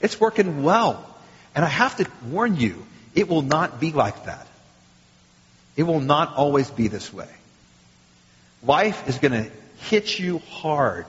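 A male pastor giving a sermon, with lively rhetorical questions and acted quotes. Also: on the high side, slow pace, pauses often. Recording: muffled sound with long hall reverb.

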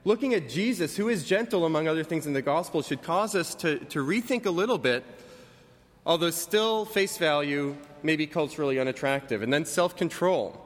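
A man's voice: on the high side, expressive, moderate pace. A man in his thirties, a pastor giving a sermon in a church, talking conversationally, lightly joking and often correcting himself. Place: church sanctuary. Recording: reverberant church hall.

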